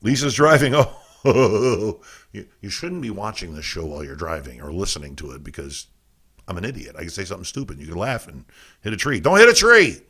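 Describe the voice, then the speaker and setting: A man's voice: low-pitched, sing-song, fast talker, breathy edge. Rowdy teasing man hosting a live show. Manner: loud, teasing, coaxing the chat room; profane, self-mocking asides. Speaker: podcast host. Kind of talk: casual live show banter. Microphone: desk mic, reading chat on a phone.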